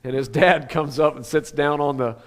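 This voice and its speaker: Male pastor, sermon, fairly high voice, animated delivery, loud bursts and hushed asides, church sanctuary. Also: moderate pace. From Oklahoma.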